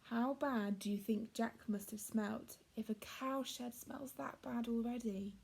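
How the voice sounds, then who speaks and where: A woman teacher with an English accent, reading a picture book aloud to young children in a clear, gentle storytelling manner. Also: on the high side, fairly even intonation, takes it slowly. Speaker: primary school teacher.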